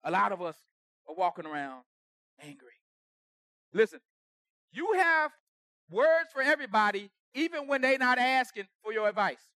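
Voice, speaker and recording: A man preaching a conversational sermon with humor, acting out everyday quarrels and swinging from soft asides to shouts. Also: very high-pitched, expressive, moderate pace, long pauses, no room sound, studio quality.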